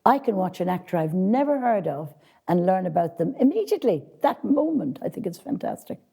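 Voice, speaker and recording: A woman's voice: medium pitch, very animated, fairly quick, creaky, warm tone, slightly rough. A woman casting director answering interview questions with direct, practical advice for actors, speaking frankly.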